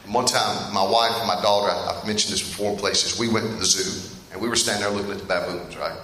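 A middle-aged man preaching a sermon in a church, talking straight to the congregation and telling stories in an animated way that gets him laughing. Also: lowish voice, fast talker. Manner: storytelling, animated and laughing at funny parts; addresses the congregation directly. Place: church hall. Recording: echoey hall with faint room noise.

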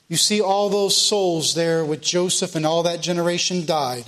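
A man's voice: a little high, moderate pace, fairly bright tone. A man preaching a church sermon and leading prayer, with a fervent, repetitive cadence.

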